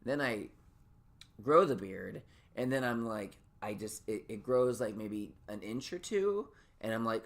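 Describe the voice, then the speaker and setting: A man's voice: mid-range voice, expressive, normal speed. A man rambling through a solo rant on his own podcast, neurotic and self-deprecating. He swears freely and often stumbles through his thoughts. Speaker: podcast host.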